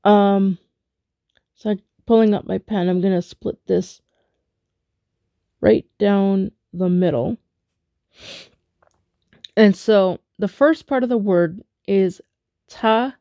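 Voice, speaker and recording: A woman teaching a spoken rhythm lesson, chanting rhythm syllables between halting explanations. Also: medium pitch, dry recording, muffled recording. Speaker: music teacher.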